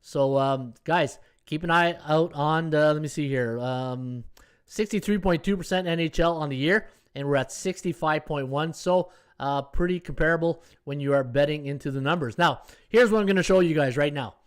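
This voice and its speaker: Chatty man in his fifties, higher voice. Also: moderate pace, clean tone. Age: 50s. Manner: chatty, tags lines with "right?". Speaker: sports betting podcast host. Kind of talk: casual live-stream commentary.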